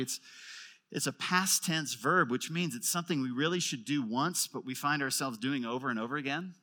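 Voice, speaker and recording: A middle-aged male pastor delivering a sermon, his voice bright and ringing and slightly high for a man. His pitch swings widely as he acts out prayers aloud, then drops to quiet intensity to drive a point home. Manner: animated preaching, acting out prayers, dropping to quiet intensity.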